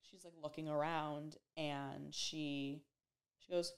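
A woman's voice: deep voice, steady tone, slow. Young woman telling an emotional story. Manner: rambling and emotional, heavy use of "like". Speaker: vlogger. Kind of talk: casual storytelling to camera.

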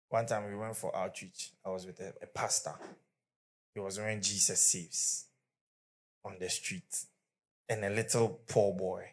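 A male pastor preaching a sermon to a church congregation, leading call-and-response and speaking emphatically with bursts of laughter. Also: on the low side.

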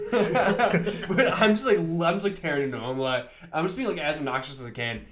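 Animated young man telling a story, echoey room. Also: on the high side, normal speed, crowd noise. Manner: animated, laughing, swearing, many restarts. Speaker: podcast co-host. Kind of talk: casual storytelling chat.

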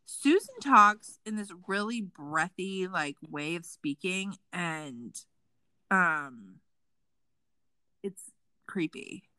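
Animated, bright-voiced woman podcast host. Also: fairly low pitch, very slow, no room sound, poor audio. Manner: animated, sarcastic, swears a lot. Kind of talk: casual true crime chat.

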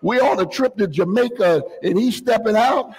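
A pastor preaching a fervent sermon, often rising to a shout and dropping into joking asides. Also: male voice, sits high, moderate pace, breathy edge, long reverb tail, poor audio. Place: church sanctuary.

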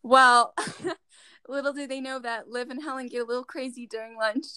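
A teenage girl telling a school lunch story in a chatty, animated way, full of "like". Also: a little high, quick pace, clear, resonant tone, no echo. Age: teens. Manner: chatty, fillers like "like", animated retelling. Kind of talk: casual chat.

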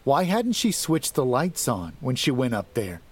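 A man narrating a scripted horror story in a measured, dramatic way that rises to tense emphasis. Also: medium pitch, wildly swooping pitch, breathy edge.

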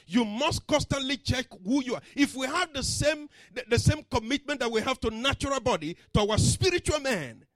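A man preaching a sermon to a church congregation, dramatic and full of story voices, dropping to a hush and rising to shouts. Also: very high-pitched, dry recording. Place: church service.

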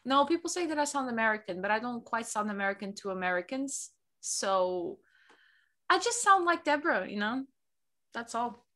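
A young woman from Portugal talks casually on a book podcast with a bright, forward tone. Her voice sits a little high. She is chatty and teasing, and she jokes at her own expense. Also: moderate pace. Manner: chatty, animated, self-mocking. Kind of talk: casual chat.

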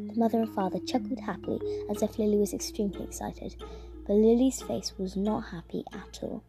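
A woman's voice: mid-range voice, steady tone. A woman reading a story aloud, stumbling and restarting now and then. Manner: halting, with frequent restarts. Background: music.

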